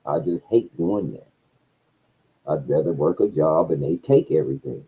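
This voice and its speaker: Man, casual storyteller on a livestream, husky, profane, dull lo-fi audio. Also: moderate pace. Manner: profane, swings between low mutters and loud outbursts. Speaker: streamer.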